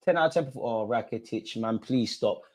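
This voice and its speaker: A young man hosting a football watch-along, reacting live to the match in a slangy, excitable way and pleading with the players. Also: mid-range voice, normal speed. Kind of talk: live reactive commentary to viewers.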